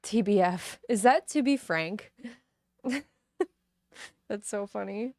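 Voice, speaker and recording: A woman's voice: mid-range voice, animated, slow pace, a little mellow, dry recording, clean studio sound. A young woman streaming live, chatting with her viewers between giggles and reading a novel aloud. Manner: giggly, chatty, reacting to chat messages. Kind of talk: casual live-stream chat with book reading.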